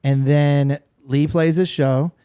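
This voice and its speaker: A man in his forties, a podcast guest and former radio personality, telling a story in a casual, animated way with frequent restarts. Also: fairly high pitch, slow, smooth.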